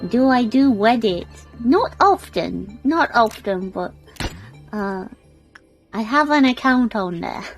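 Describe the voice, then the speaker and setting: A woman's voice: fairly high pitch, animated, slow pace, soft background music, low-quality recording. A British woman streaming a game live, chatting casually with frequent giggles and rambling restarts. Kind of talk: casual live-stream chat while gaming.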